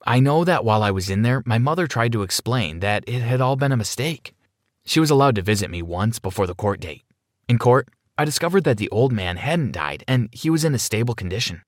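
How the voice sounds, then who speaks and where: Expressieve mannelijke verhalenverteller. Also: male voice, medium pitch, expressive, brisk, no echo, clean studio sound. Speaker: story narrator. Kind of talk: first-person story narration.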